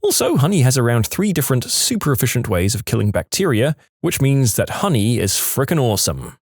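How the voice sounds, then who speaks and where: A man reads listener posts aloud for a podcast, his pitch leaping up and down as he goes. He breaks in with dry, wry comments of his own between the items. The recording is close and dead dry, with no room sound at all. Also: fairly quick, slightly rough, no echo. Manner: animated reading with wry asides. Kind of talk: reading online posts aloud.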